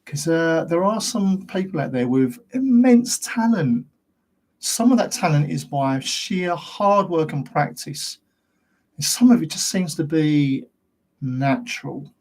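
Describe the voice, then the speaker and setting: A man's voice: fairly high pitch, animated, slow, a little mellow. A British man hosting his own channel, talking straight to camera in a rambling, ranting monologue full of rhetorical questions. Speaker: host of a paranormal investigation channel.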